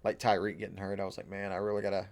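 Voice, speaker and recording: Gravelly-voiced man talking sports. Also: deep voice, flat delivery, rapid-fire. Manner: loose, swearing, laughs often. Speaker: podcast co-host. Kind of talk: casual sports chat over drinks.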